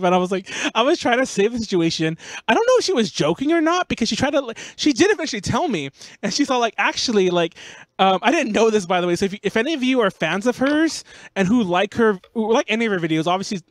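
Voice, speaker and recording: A man's voice: extremely high pitch, animated, quick pace, no room sound. A man hosting a podcast, telling a story in a rambling way and saying "like" a lot. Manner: rambling storytelling, heavy use of "like". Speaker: podcast host. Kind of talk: casual podcast chat.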